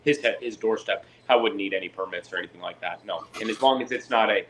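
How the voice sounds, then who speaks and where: Animated Canadian man telling stories. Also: on the low side, quick pace, crowd noise, rough recording. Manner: animated storyteller, acts out both sides of conversations. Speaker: fish keeper on a live chat. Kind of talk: casual chat.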